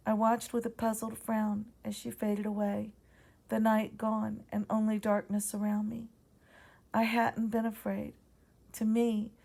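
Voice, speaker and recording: A woman with a Southern accent reading her own ghost story aloud in a quiet, measured way. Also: medium pitch, vocal fry.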